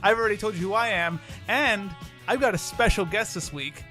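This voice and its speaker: Podcast host, man in his 20s: bright tone, playful self-mocking banter, faint music bed. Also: high voice, fairly quick. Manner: joking and self-deprecating, animated. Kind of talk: casual podcast chat.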